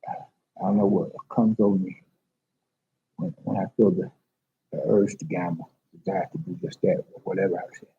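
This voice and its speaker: A man speaks in a rambling, confessional way on a livestream from a public library. His voice is very low, gravelly and raspy. The sound is dull and lo-fi. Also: fairly quick, long pauses. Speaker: vlogger.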